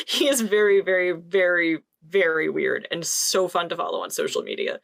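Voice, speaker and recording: A woman's voice: fairly low pitch, sing-song, moderate pace, creaky, a bit bright, slight background noise. A woman from Philadelphia co-hosting a podcast, chatting casually and giggling as she tells stories with enthusiasm. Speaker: podcast co-host. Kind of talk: casual chat.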